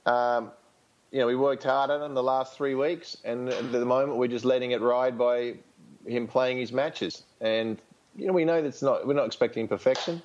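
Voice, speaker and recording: An Australian man in an interview, speaking frankly about coaching in a loose, rambling way full of fillers and false starts. His voice sits at an ordinary middle pitch. The recording is muffled and lo-fi. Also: fairly even intonation, moderate pace, darkish tone, slight background noise. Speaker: tennis coach, interview guest. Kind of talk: casual interview storytelling.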